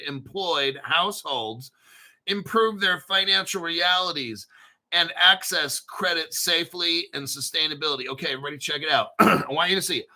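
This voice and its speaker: A man hosting a crypto video in a casual, blunt and profane rant, clearing his throat often. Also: high-pitched, pushed and bright. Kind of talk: casual ranting commentary.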